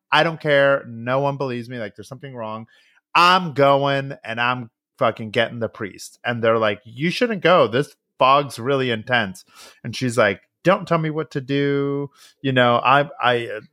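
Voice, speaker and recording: A man's voice: mid-range voice, fairly bright tone, dry recording, clean studio sound. A man co-hosting a casual podcast, animatedly recapping a film with lots of swearing and acted-out quotes. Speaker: podcast co-host.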